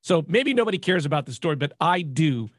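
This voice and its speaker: A man co-hosting a sports podcast, excitable and mock-indignant in casual banter. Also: fairly high pitch, quick pace, no room sound, studio quality. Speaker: podcast co-host.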